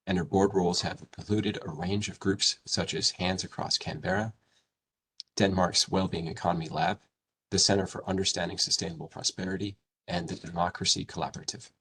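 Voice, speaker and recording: A man hosting a seminar, reading a speaker's introduction in a measured way with small hesitations. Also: low-pitched, fairly even intonation, a bit bright, slight background noise. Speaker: seminar host.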